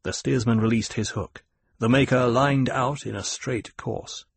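A man reading a novel aloud in a measured, even narrating manner. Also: medium pitch, vocal fry, breathy edge, no room sound. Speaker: audiobook narrator. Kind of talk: scripted narration.

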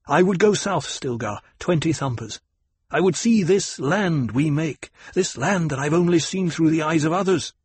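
Intense proud young man, resolute, a bit raised and higher, as a narrator puts him on, dry sound. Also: lively intonation, normal speed, darkish tone, husky, no room sound. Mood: earnest. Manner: earnest, resolute.

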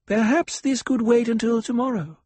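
A man's voice: very high voice, steady tone, moderate pace, a little mellow, husky, no room sound, voice pushed up. A man voicing a reasonable, worried male court doctor who speaks soothingly.

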